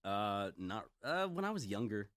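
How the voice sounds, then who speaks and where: A man's voice: lowish voice, very animated, normal speed, a bit bright, dry recording. A man in his twenties chatting casually as a co-host, joking and laughing often. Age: 20s. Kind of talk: casual chat.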